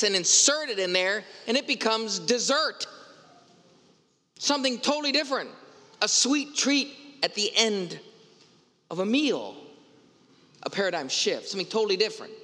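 A pastor preaches a Sunday homily in a conversational, storytelling manner, slipping in playful asides. His voice sits a little high and sounds bright and forceful, carried by the long reverb of a church hall.

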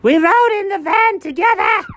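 A man voicing a high-pitched, indignant house cat who complains in a shrill, exasperated way. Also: animated, moderate pace, a bit bright, no room sound. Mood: annoyed.

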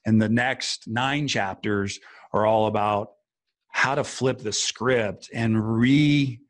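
Taking his time, a man with a fairly low voice rambles earnestly about his feelings in a casual podcast chat, where he is a guest or co-host and also an author. The recording has no room sound, and his speech is sprinkled with fillers.

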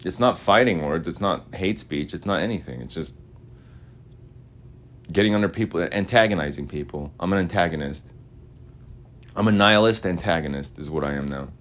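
Deep-voiced guy from Utah, restless, rambling solo talk with loud and mumbled stretches. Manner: restless, repetitive, swings between loud chanting and mumbling asides. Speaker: podcaster. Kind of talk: rambling monologue voice message.

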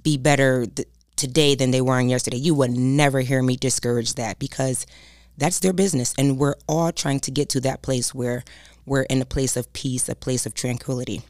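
Low-voiced woman giving an emphatic pep talk. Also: fairly even intonation, moderate pace, a little mellow, dry recording, clean studio sound. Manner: preachy, emphatic, repeats key phrases; addresses listeners directly as "y'all". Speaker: self-help speaker. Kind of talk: motivational talk.

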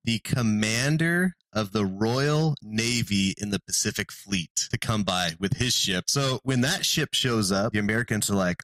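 Guy on a podcast telling a history story, bright clear voice, dry close sound, acts out all the characters. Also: lowish voice, normal speed, few pauses, no echo. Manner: animated, acts out characters in his story, laughs often. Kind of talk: casual chat, storytelling.

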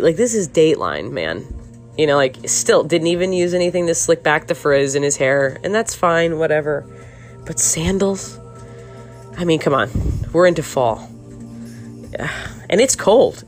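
A woman with a slightly low voice hosts a podcast, chatting casually through her take on a true-crime case. She is sarcastic and mocking and rambles with many restarts. She often laughs mid-sentence, with faint music underneath. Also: animated, moderate pace. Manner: laughs often while talking. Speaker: podcast host.

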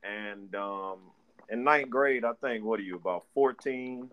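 Animated Detroit man telling stories. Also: fairly low pitch, unhurried. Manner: animated storyteller, laughs often, acts out quotes. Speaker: podcast co-host. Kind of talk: casual storytelling chat.

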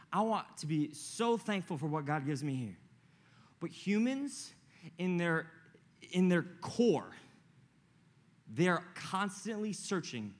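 Full of slang and excitement, a young man serving as a youth pastor gives a joking, laid-back sermon before a live group in a high voice.

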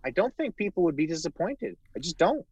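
A man's voice: on the high side, very animated, brisk, a little mellow, slightly rough, no room sound. A man in casual podcast chat about wrestling, blunt and opinionated, swearing freely and restarting sentences.

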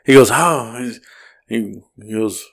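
A man's voice: medium pitch, slow, gravelly. Man, podcast co-host, loose casual storyteller who acts out every voice. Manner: animated, swearing, acts out voices in his story.

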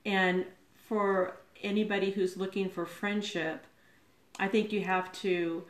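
A woman's voice: mid-range voice, level tone, measured pace. Sociable woman laughing in a roomy space. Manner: sociable, laughs often, earnest. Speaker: guest. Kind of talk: casual conversation.

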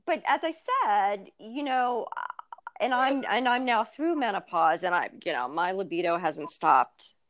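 A writer and blogger in her fifties is the guest in a casual interview, speaking candidly and thoughtfully with many fillers and restarts. Her mid-range voice is expressive and fairly bright, at a measured pace.

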